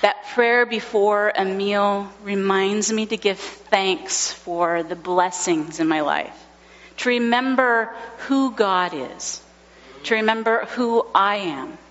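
Woman pastor, unhurried sermon, gentle humor, long church reverb, dull lo-fi sound. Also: mid-range voice. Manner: warm storytelling with gentle humor. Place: church sanctuary. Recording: lo-fi recording in a large reverberant church.

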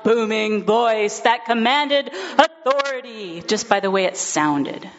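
A woman's voice: medium pitch, slight background noise. A woman pastor preaching a sermon, telling a story in an earnest, heartfelt way, in a dull recording.

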